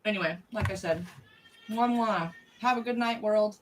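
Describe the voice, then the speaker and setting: A woman's voice: mid-range voice, a little fast, distant mic, a little hiss or hum. A woman casually chatting on a livestream, rambling, blunt and swearing freely. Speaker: livestream host.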